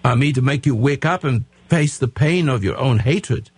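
A man's voice: medium pitch, normal speed, a little mellow, husky. A man in his eighties hosting a radio call-in advice show, lecturing his caller bluntly and restarting his sentences often. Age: 80s.

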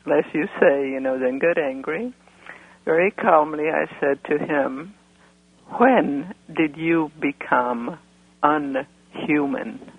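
A woman's voice: low-pitched, no echo. Woman from Europe on a tinny phone line. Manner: rambling, hesitant, many fillers. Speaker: caller. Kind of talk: phone-in conversation.

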